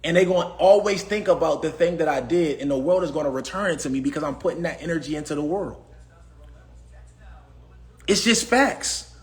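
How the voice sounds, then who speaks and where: Preachy high-voiced man with AAVE. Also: brisk. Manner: preachy, repetitive, asks the audience questions. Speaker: motivational speaker on a livestream. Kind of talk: casual motivational talk.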